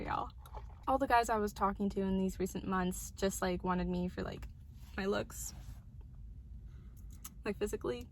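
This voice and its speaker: A young adult woman vlogging, talking candidly and quietly in a reflective, confessional way. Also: on the high side, a little hiss or hum, low-quality recording. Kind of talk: confessional talk to camera.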